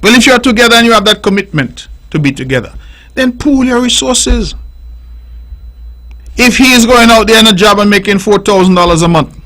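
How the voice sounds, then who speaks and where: A man's voice: high-pitched, lively intonation, fairly quick, fairly bright tone, poor audio. A middle-aged man with a Nevisian accent, hosting radio call-in commentary in an emphatic, repetitive, preaching way on a studio microphone. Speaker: radio talk show host.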